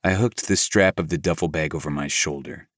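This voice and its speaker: A man narrating a novel in first person with a flat, gruff delivery. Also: extremely low pitch, fairly quick, dry recording, clean studio sound. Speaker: audiobook narrator. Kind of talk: scripted narration.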